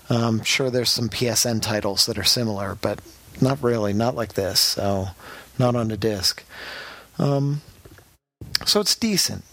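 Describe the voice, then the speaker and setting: A man's voice: medium pitch, a bit bright, no room sound. A man hosting a podcast, giving a frank, rambling game review in casual chat, with many fillers and restarts. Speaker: podcast host reviewing games.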